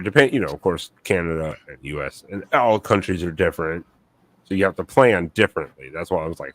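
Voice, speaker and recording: A man with a very low voice, co-hosting a casual livestream chat. He talks bluntly, swears freely and speaks in quick bursts. The recording is dry and close. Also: expressive, dry recording. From United States. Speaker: co-host.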